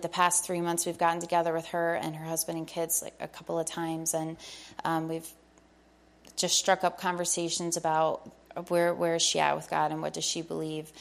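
A middle-aged woman telling a personal faith testimony to a congregation, eager and storytelling, acting out the dialogue she recounts. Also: lowish voice. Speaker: church member sharing testimony.

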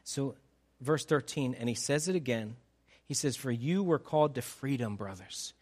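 A man preaching a sermon to his congregation, animated and emphatic, teasing the crowd and acting out quotes. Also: on the high side, moderate pace. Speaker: pastor.

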